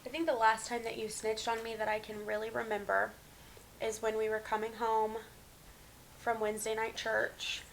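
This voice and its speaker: A young woman sits in as a podcast guest and tells a story in casual chat. Her voice sits a little high. She acts out each person in the story as she goes. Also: normal speed, gravelly, slight background noise, low-quality recording. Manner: animated, dramatic retelling with quoted voices.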